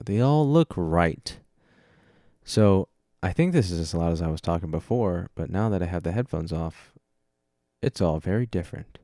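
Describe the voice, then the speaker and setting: Alone at a close dynamic microphone, this young podcast host chats casually and pokes fun at himself along the way. He has a low-pitched, gravelly, darkish voice, and there's no echo at all.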